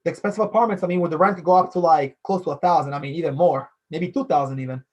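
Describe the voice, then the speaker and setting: Racing along in a fairly high, slightly mellow voice, a man hosts a casual solo podcast based in Philadelphia, and the sound is lo-fi. He rambles freely, circling back to the same phrases and padding with "you know."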